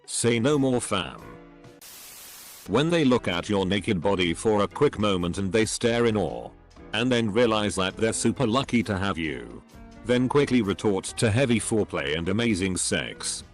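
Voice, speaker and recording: Male narrator reading online posts, low and animated, spelling out abbreviations over soft music. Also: normal speed.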